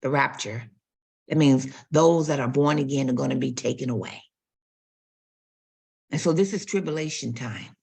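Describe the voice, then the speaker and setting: A woman's voice: rumbling low, normal speed, vocal fry, pauses often, a little mellow, husky. A woman pastor preaching a sermon, telling stories and acting out quotes and barking sounds.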